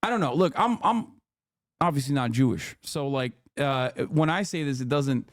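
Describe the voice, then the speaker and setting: A man's voice: mid-range voice, expressive, normal speed, no echo, clean studio sound. A man in his thirties giving casual, profane and sarcastic commentary as a stream host.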